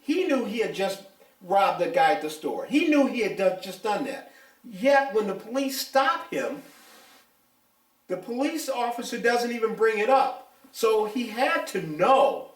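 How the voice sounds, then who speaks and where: An older man with a high voice talks bluntly and emphatically, his pitch leaping around as he tells the story. He sits some distance from the mic, in a room with a lot of echo. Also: very animated, moderate pace. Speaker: retired police officer, interviewee. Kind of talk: casual interview talk.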